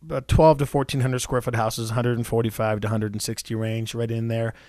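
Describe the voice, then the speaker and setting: A man in his forties hosting a radio talk show as a real estate agent, talking quickly with many restarts and repeated words. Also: medium pitch, flat delivery, a little mellow, no room sound, clean studio sound. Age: 40s.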